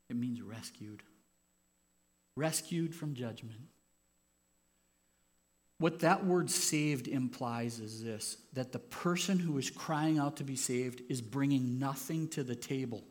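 A pastor preaches a sermon in church, his medium-pitched voice shifting from quiet, personal reflection into loud, impassioned passages.

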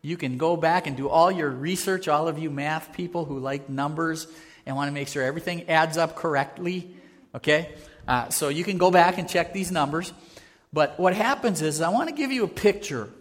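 A man's voice: fairly high pitch, moderate pace. A man preaching a sermon as pastor, earnest and conversational, building to fervor. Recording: reverberant church hall.

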